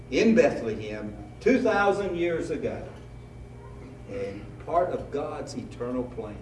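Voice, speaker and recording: High-voiced male pastor preaching in an echoey room. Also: a little mellow, slight background noise. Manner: conversational preaching with rhetorical questions. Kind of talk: sermon. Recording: echoey room, mic at a distance.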